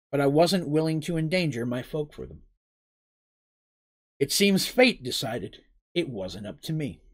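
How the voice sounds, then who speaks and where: Earnest, proud gully king and father, read by a man in his own voice; animated delivery. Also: a little high. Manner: earnest, letter read in a plain voice.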